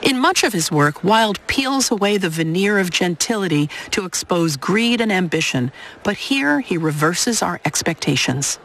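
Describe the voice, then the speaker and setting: A woman hosting a radio program, giving thoughtful, measured scripted commentary. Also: fairly low pitch, very animated, fairly bright tone. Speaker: radio host.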